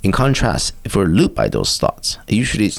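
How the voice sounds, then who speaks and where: Older man, gravelly voice, lowish pitch, calm patient explanations, therapist guest. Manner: calm, patient, instructive, with pauses. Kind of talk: guiding a mindfulness exercise in conversation.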